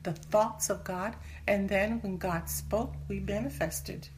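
A woman's voice: mid-range voice, takes it slowly, a little hiss or hum. A woman giving a casual Bible teaching in conversation, earnest, sometimes dropping to a whisper for emphasis. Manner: acts out everyday voices when quoting. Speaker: Christian teacher.

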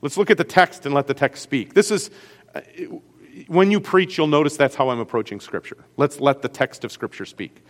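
Great Lakes pastor teaching, chatty. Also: male voice, a little high, fairly quick, in a large hall. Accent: Great Lakes American. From US Great Lakes region. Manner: conversational, checks in with listeners often. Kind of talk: classroom teaching on Scripture.

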